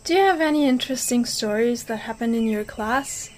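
A woman's voice: fairly high pitch, brisk, a little hiss or hum. A woman interviewing a guest, asking short questions.

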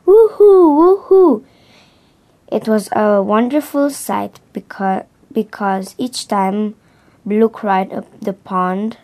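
A woman reads a children's storybook aloud at a very slow, careful pace. She often trips over words and starts them again. Her voice sits at an ordinary pitch. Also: a little mellow. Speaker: reader.

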